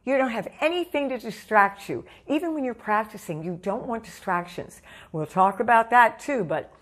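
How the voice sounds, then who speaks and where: A woman's voice: on the high side, animated, normal speed. A seasoned woman vocal coach giving emphatic, repetitive stage-performance advice straight to the viewer. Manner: emphatic, repeats key points, calls the listener honey. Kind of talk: direct-to-camera vocal coaching talk.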